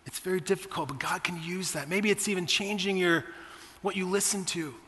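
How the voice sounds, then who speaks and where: A man's voice: sits high, steady tone, brisk, fairly bright tone, long reverb tail. A man in his forties preaching a sermon, telling personal stories in a conversational way to his church. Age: 40s. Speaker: pastor.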